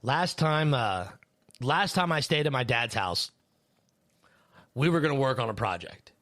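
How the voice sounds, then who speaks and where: Guy rambling on a podcast, bright edgy voice, swears a ton, tons of fillers. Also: medium pitch, animated, unhurried. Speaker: podcast co-host; third shift worker. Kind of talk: casual podcast chat.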